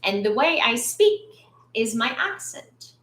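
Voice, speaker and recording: A woman's voice: a little high, very animated, slow pace, a bit bright. A woman hosting a casual news livestream from a room at home, chatty with lots of fillers and blunt when she lectures. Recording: roomy echo.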